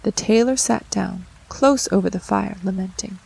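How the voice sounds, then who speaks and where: Gravelly-voiced woman reading a storybook. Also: mid-range voice, moderate pace, hardly any pauses, low-quality recording. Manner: expressive, acts out voices and sounds. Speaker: audiobook narrator.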